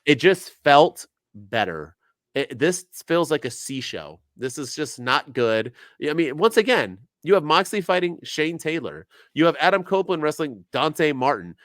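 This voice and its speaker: A man's voice: a little high, no room sound, studio quality. A man co-hosting a casual wrestling podcast, ranting with frustrated sarcasm. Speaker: podcast co-host.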